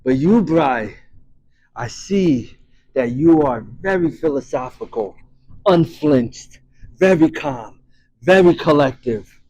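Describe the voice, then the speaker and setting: A man voicing an anguished grown man searching for his lost daughter, in a slow, solemn monologue that drops into whispers. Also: a little high, animated, a little mellow, dry recording, lo-fi sound. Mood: earnest. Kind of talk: dramatic monologue reading.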